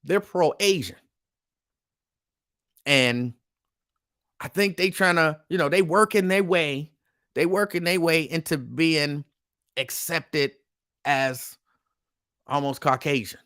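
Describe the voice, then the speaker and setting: A man's voice: a little high, slow, pauses often, fairly bright tone. A man hosting a casual live stream, talking in an emphatic, repetitive, conversational way. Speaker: host.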